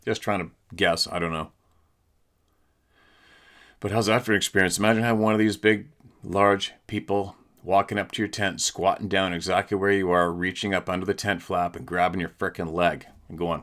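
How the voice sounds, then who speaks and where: A man's voice: deep voice, steady tone, moderate pace, fairly bright tone. A man hosting a show, telling stories at home in a loose, laid-back way, swearing freely and laughing often. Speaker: host. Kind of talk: casual chat. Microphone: laptop camera.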